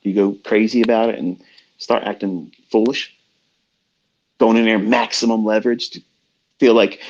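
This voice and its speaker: A man's voice: fairly low pitch, flat delivery, moderate pace, long pauses, a little mellow. A middle-aged man talking as a trading mentor in a blunt, profane, preachy rant. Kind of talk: unscripted rant. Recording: dull lo-fi audio.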